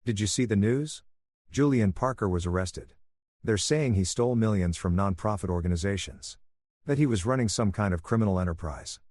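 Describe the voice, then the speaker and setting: A man's voice: fairly low pitch, fairly quick, darkish tone, dry recording, close to an everyday voice. A man reading as a desperate pleading wife. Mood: anxious. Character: desperate scheming wife, adult woman, tearful.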